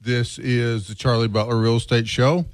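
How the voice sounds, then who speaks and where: Male radio host, conversational and friendly, mid-pitched, dry studio sound. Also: flat delivery, normal speed, no echo. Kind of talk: casual radio chat.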